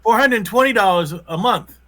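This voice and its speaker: A man's voice: high-pitched, expressive, normal speed, a bit bright, rough recording. A man co-hosting a casual podcast, chatty, adding up costs aloud and tripping over words. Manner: chatty, tallies figures aloud, stumbles on words. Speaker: podcast co-host. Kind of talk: casual banter.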